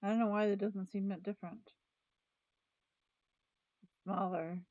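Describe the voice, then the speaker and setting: Rambling woman vlogger, mellow dull sound. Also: mid-range voice, steady tone, a little slow, no echo. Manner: rambling, thinking aloud with trailing restarts. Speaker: planner vlogger. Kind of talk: casual chat.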